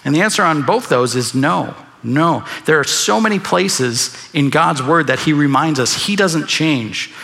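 A man's voice: on the high side, animated, measured pace, gravelly, hardly any pauses, fairly bright tone. A man preaching a sermon as pastor, earnest and emphatic, often repeating his key phrases. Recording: long reverb of a large hall.

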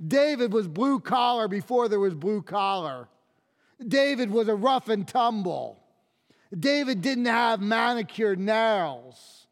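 High-voiced man preaching in a reverberant hall. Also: animated, slow. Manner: emphatic, drops low and quiet on key phrases. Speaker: pastor. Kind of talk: sermon.

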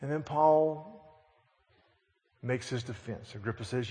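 A man's voice: medium pitch, slow pace, mellow. A man preaching a sermon, reading scripture aloud and retelling it as a vivid story. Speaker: pastor. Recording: long hall reverb.

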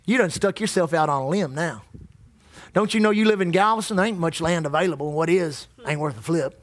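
A man's voice: fairly high pitch, fairly quick, pitched below the performer's own voice, natural voice. A man voicing a taunting, scornful male devil in a sermon, with a drawling, mocking delivery.

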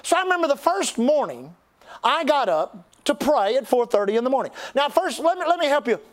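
A man's voice: very high voice, very animated, fairly quick. An older man, a pastor telling a folksy, humorous story in a sermon, with lots of restarts. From Texas.

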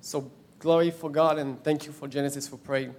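A man reading scripture aloud at a church gathering, slowly and carefully. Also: fairly high pitch, steady tone.

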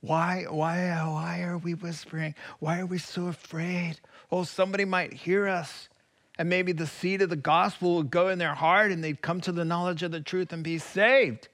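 A man preaching a sermon as pastor, animated, swinging from loud declarations to hushed whispers. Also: sits high, moderate pace. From California.

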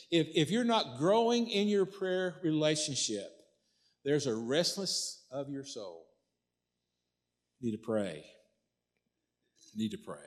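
Folksy man preaching a sermon. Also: high-pitched. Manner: folksy, repetitive, conversational preaching. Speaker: pastor.

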